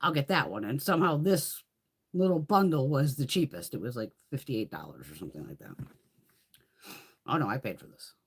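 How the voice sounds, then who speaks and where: Her voice rumbles low with a slightly mellow, breathy quality, expressive and at a moderate pace. She hosts a beauty livestream, chatting casually in a rambling way, cursing and laughing often.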